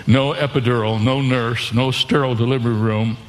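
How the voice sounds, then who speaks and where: A man preaching as a radio pastor, earnest and steady, with a chuckle now and then. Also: medium pitch, brisk, in a large hall. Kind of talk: radio sermon.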